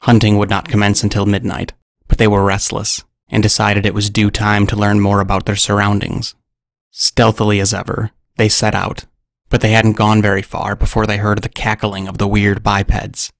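A man telling a scripted story in narration, with a dry, deadpan humor. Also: on the low side, normal speed, vocal fry, no room sound.

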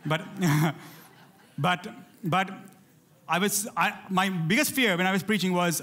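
A man preaching a lively sermon in church, calling out to his congregation and urging them to respond. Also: high voice, moderate pace. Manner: animated, rallies the congregation with call-outs. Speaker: pastor.

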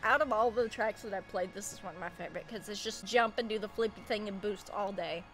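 A young woman streaming a racing game, swearing, laughing and yelling at her opponents as she plays. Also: mid-range voice, a little fast, over music. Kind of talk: live gaming commentary.

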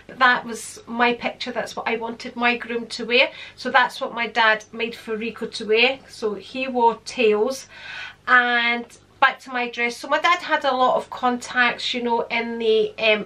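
A woman's voice: a little high, sharp tone. A woman, telling a long personal story in a chatty, rambling way full of fillers. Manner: chatty, digressive, with frequent fillers. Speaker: vlogger. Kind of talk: casual storytelling.

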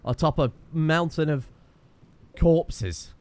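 Male let's-player, sarcastic, exasperated, frequent swearing, slightly high voice. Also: slow, darkish tone. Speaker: gaming YouTuber. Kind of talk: let's play commentary.

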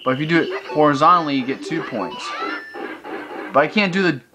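A young man talks over his own gameplay in an exasperated, ranting way, full of exclamations. His pitch jumps around a lot. Video game music plays clearly underneath. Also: animated, a little fast. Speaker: let's play gamer. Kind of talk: gameplay commentary.

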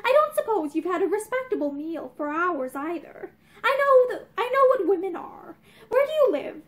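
A woman voicing an impulsive, kindly young gentleman who speaks in an earnest, coaxing way. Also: very high voice, sing-song, normal speed.

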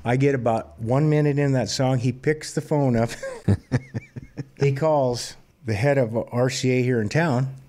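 A man in his fifties from Montana, a singer-songwriter telling plainspoken stories in a relaxed interview. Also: medium pitch, unhurried. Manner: relaxed, plainspoken anecdotal storyteller. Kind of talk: conversational storytelling interview.

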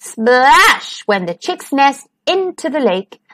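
A woman reads a children's picture book aloud for storytime. Her voice is high and lilting, with wide swings of pitch. She takes her time, letting each line land slowly. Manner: slow, expressive reading. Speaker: storytime reader.

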